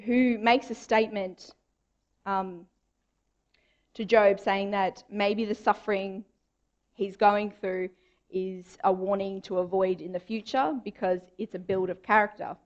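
A woman's voice: medium pitch, fairly even intonation, measured pace, muffled recording. A young woman giving a chatty, informal sermon in a church. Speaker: preacher.

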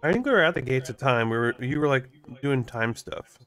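A gaming partner giving quick instructions and dry jokes in a casual co-op session. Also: mid-range voice, lively intonation, a bit bright, faint music behind.

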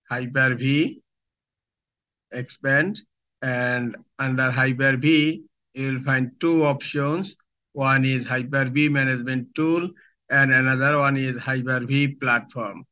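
An IT instructor with a mid-range voice and fairly even intonation narrates a step-by-step software tutorial. He gives slow instructions in short phrases, pausing between them, and the recording is muffled.

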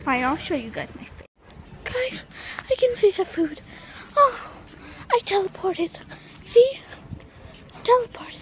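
A female host giving casual gameplay commentary, chatting and calling out loudly to her pets. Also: very high-pitched, big pitch swings, unhurried, pauses often. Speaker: gaming channel host. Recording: clear background noise.

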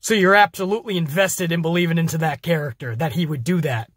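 Podcast host, high voice, dry sound, excitable and swears freely. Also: male voice, quick pace, slightly rough, no echo. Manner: energetic, profane storytelling. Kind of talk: casual wrestling show review.

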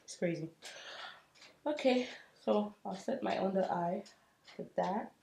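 A young woman doing a casual makeup tutorial, chatty and self-mocking, dropping to soft murmurs as she works. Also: medium pitch, measured pace, vocal fry. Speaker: beauty vlogger. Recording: roomy echo, faint hiss.

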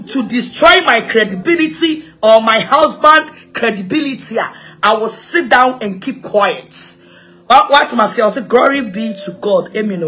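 A Ghanaian woman evangelist giving an impassioned, animated address, repeating herself and laughing between points. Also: sits high. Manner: animated, repetitive, mixing local-language phrases, laughing asides. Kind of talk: impassioned social media address.

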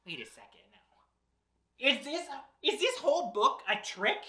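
Woman, storytime host; slow, animated read-aloud with mock outrage, echoey room. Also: sits high. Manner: playful, mock-exasperated, theatrical. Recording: roomy echo.

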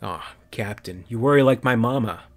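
A man voicing a brash young male marine private, loud and eager. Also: mid-range voice, normal speed, lightly acted. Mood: joking. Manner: excited, cocky, then screaming in panic.

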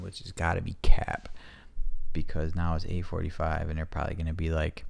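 A man's voice: a bass voice, completely flat delivery, brisk, gravelly, no room sound. A man hosting a podcast from home, chatting loosely and swearing freely in a heartfelt, rambling way. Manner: loose, profane, heartfelt talk. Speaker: podcast host. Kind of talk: casual rambling chat.

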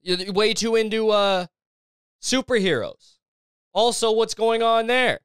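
A man's voice: sits high, expressive, unhurried, fairly bright tone, clean tone, no room sound, clean studio sound. A young adult man hosting a podcast, delivering a sarcastic, exasperated and profane comedic rant. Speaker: podcast host.

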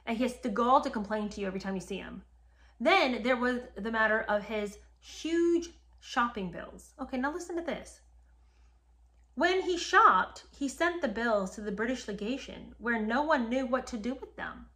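A woman with a slightly high voice tells a story from history in a casual, conversational way. She sounds openly indignant and emphatic, and she addresses her viewers directly. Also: normal speed, fairly bright tone. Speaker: history commentator.

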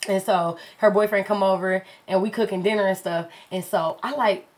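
A woman's voice: medium pitch, normal speed. A woman with a Detroit accent, a podcast guest telling a story in casual chat and acting out the voices in it. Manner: animated, acts out the voices in her story.

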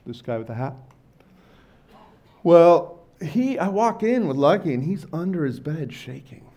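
A middle-aged man speaking at a lecture event, telling stories in a loose, rambling, slangy way and acting out quotes with sudden jumps in pitch and loudness. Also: big pitch swings, measured pace. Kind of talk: casual storytelling talk. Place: lecture venue before a live audience.

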